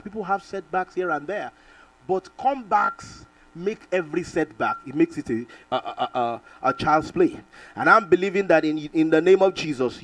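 A middle-aged man from Nigeria preaching a sermon, telling a personal testimony with animated storytelling and calls for amen. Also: sits high, recorded from a distance, rough recording. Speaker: pastor.

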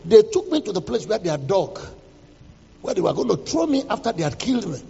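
A pastor gives a dramatic sermon testimony, his high voice leaping about in pitch. The tone is raspy and gravelly, and he quotes scripture as he swings from loud to hushed. He sounds distant in a long-echoing hall on a dull, muffled recording. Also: big pitch swings, fairly quick.

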